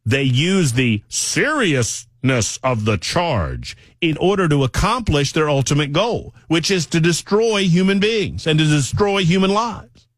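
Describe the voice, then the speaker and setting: A man hosts a talk radio show, speaking in a slightly high voice. He delivers an emphatic, sarcastic political monologue straight to his listeners. His studio microphone gives a dry, close sound. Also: lively intonation, measured pace, dry recording.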